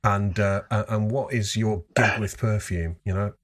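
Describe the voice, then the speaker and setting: A man's voice: lowish voice, steady tone, normal speed. A man hosting a podcast, joking and teasing with plenty of swearing in casual chat. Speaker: podcast host.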